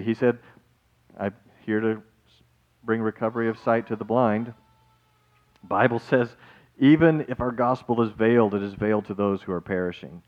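A man preaching a sermon in a casual, animated way, calling his listeners guys and folks, swinging between loud and soft. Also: fairly low pitch, highs cut off. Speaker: pastor.

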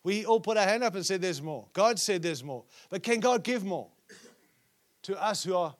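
A man preaching a sermon at a conference, acting out scripture quotes and dropping to a hush at times. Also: high-pitched, animated, moderate pace. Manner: preaching with sudden drops to a hushed voice; acts out quoted speech from scripture stories. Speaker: conference speaker. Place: conference hall.

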